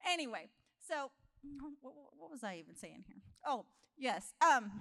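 A woman preaching a humorous sermon in a conversational style, telling animated stories and laughing often. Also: a little high, unhurried, creaky. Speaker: guest preacher.

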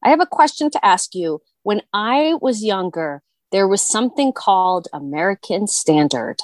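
A woman's voice: medium pitch, expressive, normal speed, dry recording. Enthusiastic woman podcast host, dry sound. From Long Island, New York. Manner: chatty, enthusiastic questions and praise. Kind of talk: podcast interview.

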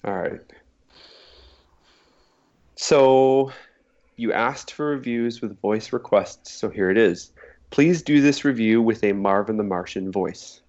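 A man's voice: on the low side, slow, long pauses, darkish tone, dull audio. A man chatting casually on a podcast as a regular, joking and laughing often.

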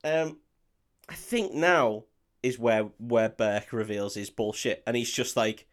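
A man's voice: medium pitch, expressive, slow. A man co-hosting a podcast, casually recapping a film, swearing freely, laughing often and acting out characters' lines. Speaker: podcast co-host.

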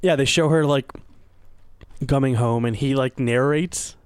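A young man co-hosts a casual podcast, retelling plots with animated energy and slowing down to stress key beats. He swears freely. The sound is dry and close, with no room around it. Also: mid-range voice, smooth, no echo. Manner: animated storyteller, slows for emphasis, swears freely. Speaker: podcast co-host. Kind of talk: casual chat.

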